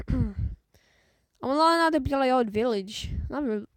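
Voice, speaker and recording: A woman with a put-on British accent giving loud, excitable, slang-heavy commentary on a mobile game. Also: sits high, measured pace, no room sound. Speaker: gaming YouTuber.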